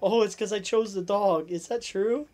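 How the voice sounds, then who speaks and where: A gamer commentating live while playing, excitable, exclaiming and swearing at the game. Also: mid-range voice, moderate pace, over music. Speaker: let's play gamer.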